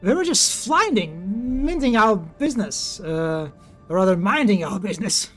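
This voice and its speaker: A man's voice: sits high, very animated, measured pace, soft background music, heavily acted. Game read: man voicing a stumbling, raised-voice pirate captain. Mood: aggrieved.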